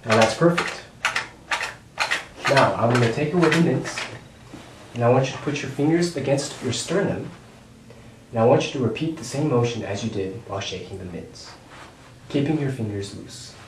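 Mężczyzna spokojnie prowadzi lekcję krok po kroku; głos z oddali, pogłos pomieszczenia i wyraźny szum w tle. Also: male voice, medium pitch, moderate pace, pauses often. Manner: calm, gently directive. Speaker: music instructor. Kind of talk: step-by-step instruction. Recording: roomy echo, distant mic, background hiss.

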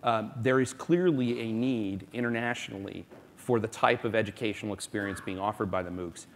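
A man from South Florida speaking as a company executive on a conference panel, emphatic and quick to make his point. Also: lowish voice, slight background noise. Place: conference hall. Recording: long reverb of a conference hall.

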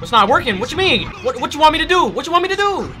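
A man with a high, bright voice that swings wildly up and down, narrating his own gameplay. He shouts, swears and trash-talks the enemies in a playful street tone, with faint music under him. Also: racing. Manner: excitable, shouts and swears at the game. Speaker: gaming YouTuber. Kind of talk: let's play commentary.

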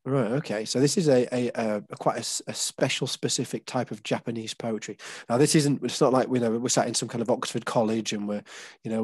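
A man's voice: mid-range voice, a little mellow, no echo. English man patiently explaining, dry sound. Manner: explaining patiently, many fillers and restarts. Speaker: workshop leader. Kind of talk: casual group session.

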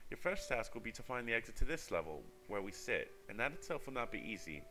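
A man's voice: medium pitch, very animated, quick pace, bright, forceful tone, a little hiss or hum. A man reading out the lines of a crafty old male sage in a text adventure game.

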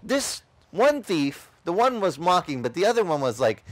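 A man pastor preaching an animated sermon with frequent restarts, voicing quoted figures, at an outdoor beach service. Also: high voice, normal speed, hardly any pauses, no echo.

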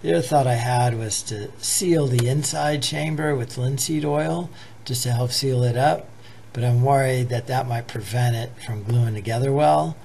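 A man casually explaining a woodworking project, thinking aloud in a relaxed way as he works. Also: mid-range voice, moderate pace, gravelly, slight background noise.

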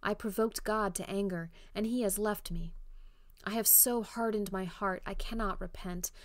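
A woman's voice: medium pitch, steady tone, moderate pace, no room sound, studio quality, lightly acted. A woman voicing a despairing man locked in an iron cage, speaking mournfully and full of regret.

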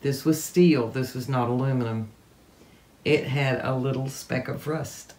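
A woman's voice: very deep voice, measured pace, darkish tone. Lady doing a craft vlog, gushes over her work nonstop, picked up on the camera mic at home. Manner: gushing, keeps exclaiming with delight. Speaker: craft artist showing her paint pour. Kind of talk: casual talk to camera while crafting. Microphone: camera mic, camera moved by hand at times.

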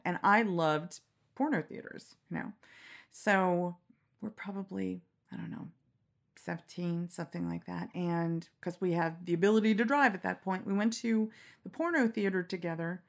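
Gravelly-voiced woman telling frank stories. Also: lowish voice, normal speed. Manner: frank, laughing, acts out quoted lines. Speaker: storyteller guest. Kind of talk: candid storytelling in a relaxed interview. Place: lying down in a quiet room.

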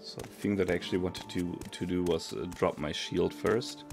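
Man, gaming commentary, very low gravelly voice, game music underneath. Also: steady tone, moderate pace. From Germany. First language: German. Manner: thinking aloud, self-correcting. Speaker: let's play streamer. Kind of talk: casual gameplay commentary.

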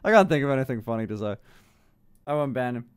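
A man streaming casually to his chat, swearing freely, laughing often and breaking into loud excited outbursts. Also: mid-range voice, fast talker, clear, resonant tone. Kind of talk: casual live-stream reaction.

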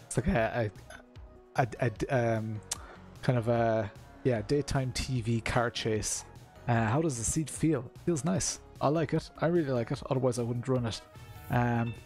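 Irish guy, streamer, mid-pitched, easygoing chatter with lots of fillers, talks to his chat while he drives. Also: moderate pace, a little mellow, faint music behind. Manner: chatty, greets viewers by name, many fillers. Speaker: sim racing streamer. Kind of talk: casual live-stream commentary while racing. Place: room at home.

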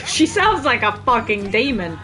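A woman's voice: fairly high pitch, very animated, normal speed, pushed and bright, soft background music. A woman commentating casually as she plays a game, swearing freely and laughing at her own mistakes. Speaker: gaming streamer. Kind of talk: casual let's-play commentary.

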